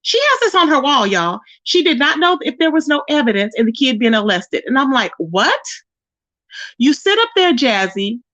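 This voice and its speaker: On her own commentary channel, a woman rants and scolds someone directly, confrontationally repeating their name again and again. Her voice sits high with a fairly bright tone, and the recording is dull and lo-fi.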